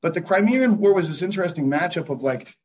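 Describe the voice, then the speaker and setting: A man's voice: sits high, lively intonation, fast. A man hosting a podcast, musing in a rambling, reflective way and swearing casually. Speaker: podcast host. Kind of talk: casual interview chat. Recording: dull lo-fi recording.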